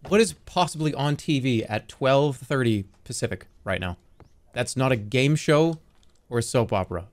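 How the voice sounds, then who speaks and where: Animated, rambling male streamer. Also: medium pitch, normal speed. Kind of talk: live gameplay commentary.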